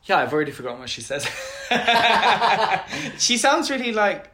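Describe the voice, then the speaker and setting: A man co-hosting a casual podcast chat, playful and gossipy and quick to giggle. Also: high-pitched, big pitch swings, noisy background. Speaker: podcast co-host.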